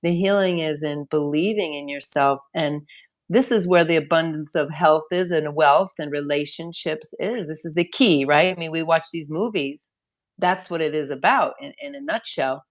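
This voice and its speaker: Earnest female center director with a deep, low voice, rambling and repeating herself in an interview. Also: moderate pace. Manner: earnest, rambling, repeats words mid-thought. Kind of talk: conversational interview.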